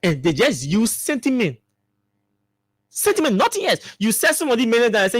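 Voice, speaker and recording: A man's voice: very high-pitched, huge pitch swings, brisk, no room sound, clean studio sound. Emphatic Liberian commentator, man. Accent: Liberian English. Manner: emphatic, fires repeated rhetorical questions. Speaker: talk show host. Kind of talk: political commentary.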